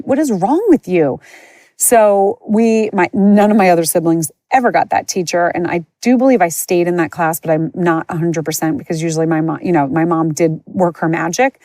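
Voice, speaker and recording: A woman hosting a podcast tells her own story in a candid, chatty way, with plenty of "like" and "you know." Her voice sits a little low. The recording is dry and close, with no room sound. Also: darkish tone, no echo. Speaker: podcast host. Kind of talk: personal storytelling.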